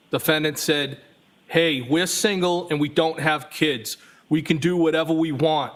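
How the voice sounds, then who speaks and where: A man's voice: fairly high pitch, fairly bright tone. A man testifying as a trial witness, reading text messages aloud evenly and speaking the punctuation marks.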